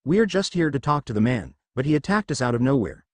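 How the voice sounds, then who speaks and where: A cool teenage boy ninja, smug and sarcastic, as a man reads him. His pitch wanders widely. The sound is close and dry. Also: big pitch swings, fast, dry recording, close to an everyday voice.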